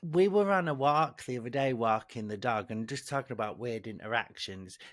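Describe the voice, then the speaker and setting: A man co-hosting a comedy podcast, an animated storyteller who acts out what people said. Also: medium pitch, moderate pace, no room sound, clean studio sound. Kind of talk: casual comedy chat.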